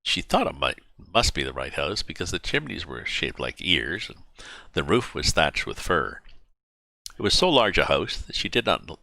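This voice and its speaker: A man reading a children's novel aloud with a deep yet bright voice and plenty of lift and fall in his delivery. He sounds close and dry, with no room around him. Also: no echo. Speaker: storyteller.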